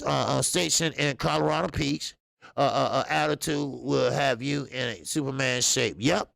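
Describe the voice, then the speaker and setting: A man's voice: on the high side, creaky, a bit bright, dry recording. A man in his fifties hosting a casual live-stream boxing talk show, chatty and rambling, greeting viewers between asides.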